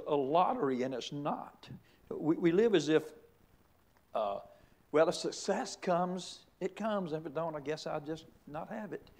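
A middle-aged man preaches a sermon from the pulpit. He drives his points with repeated rhetorical questions and emphatic restarts. His voice sits at an ordinary middle pitch. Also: darkish tone, slightly rough. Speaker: pastor.

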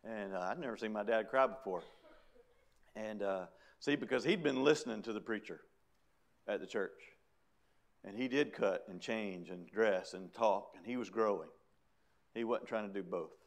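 A man's voice: lowish voice, normal speed, long pauses. A middle-aged man preaching, telling his own story in a chatty way with laughs. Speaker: preacher giving testimony. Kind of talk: sermon testimony.

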